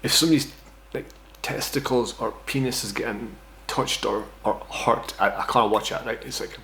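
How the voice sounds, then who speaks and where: This vlogger is a man from Scotland in his thirties, recounting something that happened to him. His mid-range voice moves at normal speed and sounds pushed and bright, with a little hiss or hum behind it. The delivery is rambling, profane, and self-mocking, with plenty of "right?" tacked on.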